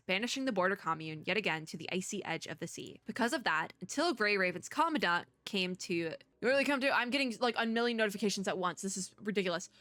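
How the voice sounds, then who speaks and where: Woman VTuber, crisp bright tone, casual story read-through with commentary. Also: medium pitch, dry recording. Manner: chatty, with quick side comments and laughs. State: voice getting worn. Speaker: VTuber streamer. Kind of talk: reading game story aloud with asides.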